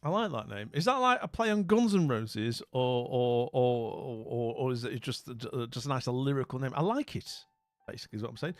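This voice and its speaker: With an expressive, mid-range voice at normal speed, a British man chats casually with his stream viewers. He rambles and keeps trailing off into mumbling. The recording is dry and close, with faint music.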